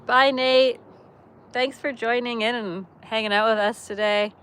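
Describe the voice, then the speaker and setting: A woman hosting a casual livestream from her camper van, chatty and quick to laugh as she talks with viewers. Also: on the high side, fairly even intonation, fairly bright tone, clean tone. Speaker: livestream host. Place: camper van by a wood stove.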